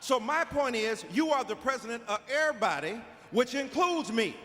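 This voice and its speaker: A man from Detroit giving an impassioned speech as a panelist, with a preacher-like cadence, repeating phrases and shouting. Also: extremely high pitch, animated, normal speed. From Detroit, Michigan. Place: large auditorium before live audience. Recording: echoey hall with faint noise.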